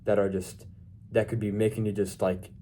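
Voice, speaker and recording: A young man giving a casual devotional talk to his viewers. His voice sits a little low with a mellow, warm color. He talks in a loose, easygoing way, full of fillers. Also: normal speed, slight background noise. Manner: relaxed and informal, leaning on "like" and "so" fillers. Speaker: YouTuber teaching a Bible verse.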